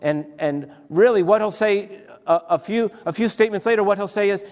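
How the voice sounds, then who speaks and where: A man's voice: sits high, normal speed, darkish tone. A man preaching a sermon as pastor, earnest and repetitive, building his points with rhetorical questions. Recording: long hall reverb.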